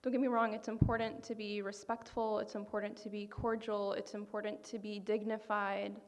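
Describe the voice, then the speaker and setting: A woman's voice: mid-range voice, level tone, normal speed. A woman giving an earnest, emphatic speech at a banquet. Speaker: banquet speaker. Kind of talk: public speech. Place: banquet hall. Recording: hall reverb.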